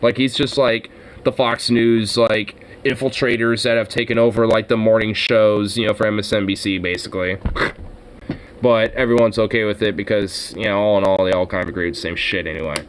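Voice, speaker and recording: A man's voice: on the low side, fairly even intonation, fairly quick, a little hiss or hum. Profane ranting male commentator. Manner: ranting, sarcastic, heavy swearing; mocking sing-song interjections. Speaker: commentator reacting to a clip.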